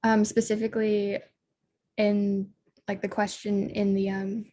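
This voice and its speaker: A woman's voice: mid-range voice, flat delivery, unhurried, mellow. A woman student asking a question over a video call, hesitant and full of fillers.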